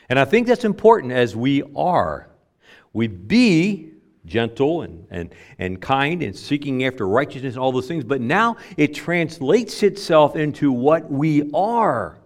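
A man preaching a sermon with a lively, swooping voice. He talks to the congregation in a plain, conversational way, then slows right down to stress single words. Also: a little high. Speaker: pastor.

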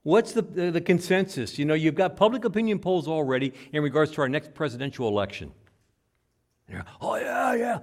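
A man preaching a sermon, emphatic, swinging from loud, pressing lines to low, quiet ones. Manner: emphatic, rises loud then drops low.

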